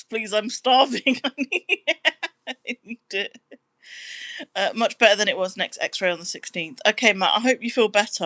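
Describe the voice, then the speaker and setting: A woman's voice: fairly bright tone, no room sound. A young British woman chatting casually on a livestream, reading out viewer comments in an upbeat way. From Britain. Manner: chatty, upbeat, squeals high when surprised. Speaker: livestreamer and musician.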